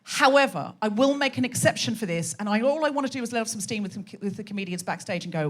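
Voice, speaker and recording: Brief: woman comic host, bright higher voice with a very animated pitch, teasing chatty crowd work on stage. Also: quick pace. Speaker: comedy podcast host. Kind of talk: live stand-up hosting to an audience. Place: hot theatre stage with a live audience.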